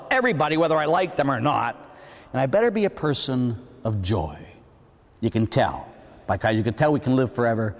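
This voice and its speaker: A priest preaches with a somewhat high, very lively voice that climbs and dips as he tells his story. He acts out the voices of the people he quotes. The sound carries a long reverb, as in a large church. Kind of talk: sermon with storytelling.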